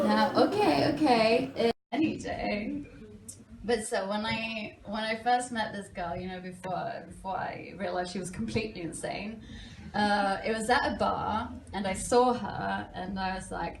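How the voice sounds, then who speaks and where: A woman from Latvia performing a stand-up set on a comedy bar stage, self-mocking and animated, with sudden loud bursts. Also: medium pitch, a little slow, a little hiss or hum. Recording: roomy live venue, faint crowd.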